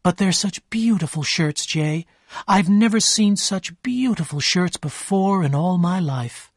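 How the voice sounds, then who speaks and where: Storybook reading: male narrator voicing a high, breathless, excitable young rich woman. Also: measured pace, no room sound, clean studio sound, exaggerated voice. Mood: tearful.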